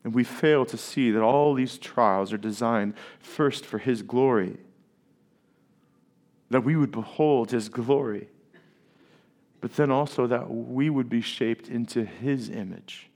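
A man's voice: mid-range voice, slow, darkish tone. A man, a pastor, preaching a sermon and putting rhetorical questions to his congregation.

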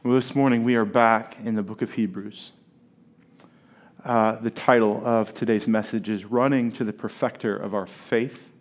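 A male pastor preaching a sermon at a church service, earnest and deliberate, leaning on key words with long pauses, and joking easily with his congregation. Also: fairly low pitch, steady tone. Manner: playful banter with the congregation.

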